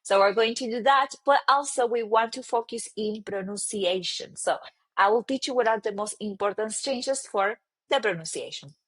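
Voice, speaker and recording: A Spanish teacher from Argentina, a woman with an Argentine Spanish accent, giving an online lesson and repeating words slowly and clearly for learners. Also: fairly high pitch.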